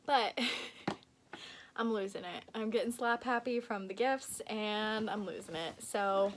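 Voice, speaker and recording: A woman's voice: mid-range voice, a little slow, slight background noise. A young woman book vlogger chatting casually and gushing as she unboxes gifts, giggling often.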